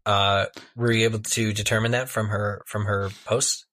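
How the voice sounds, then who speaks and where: A man's voice: fairly low pitch, level tone, normal speed, a bit bright. A man co-hosting a podcast in casual chat, rambling with frequent restarts and easy laughter. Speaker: podcast co-host.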